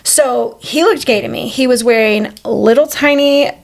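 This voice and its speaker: A woman in her forties co-hosting a podcast, telling a story in a casual, animated and profane way. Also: a little high, measured pace, vocal fry. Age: 40s. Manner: animated, profane, acts out quoted voices. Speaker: podcast co-host.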